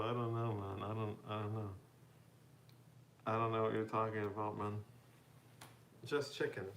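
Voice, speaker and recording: A man from the United States chatting casually as a live streamer, reading out viewer comments and answering them in a relaxed way, often laughing and calling people "bro" and "man". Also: medium pitch, slight background noise. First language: bilingual with Spanish, parents from Mexico. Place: home room.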